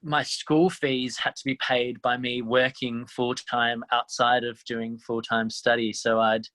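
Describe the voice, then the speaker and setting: A young man in his twenties, a musical theatre actor chatting as an interview guest, animated and quick to laugh. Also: mid-range voice. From Australia (Tasmania). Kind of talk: casual interview chat.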